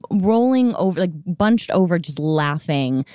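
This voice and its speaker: Chatty, bubbly woman with a mellow low voice. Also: expressive, no room sound, clean studio sound. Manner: bubbly, chatty, quick to laugh. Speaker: podcast host. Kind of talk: casual chat.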